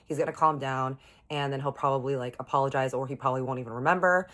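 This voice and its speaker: Woman doing a gentle, apologetic young man reassuring someone by phone, low-key storytime aside. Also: steady tone, fast talker. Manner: soft, reassuring.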